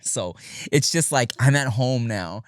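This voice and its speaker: A man in his thirties co-hosting a casual podcast, telling lively stories, swearing freely and acting out his kids in high voices. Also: a little slow, no echo, studio quality. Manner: swears casually, laughs often. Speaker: podcast co-host.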